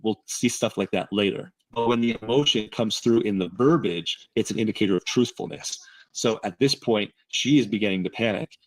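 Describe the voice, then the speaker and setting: A man's voice: fairly low pitch, brisk, no room sound. A man breaking down a speaker's wording point by point while reviewing video clips on a livestream. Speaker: statement analyst.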